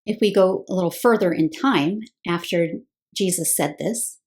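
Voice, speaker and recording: Woman Bible teacher, lowish voice, methodical explainer, rhetorical questions. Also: moderate pace, darkish tone. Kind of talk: scripted teaching monologue.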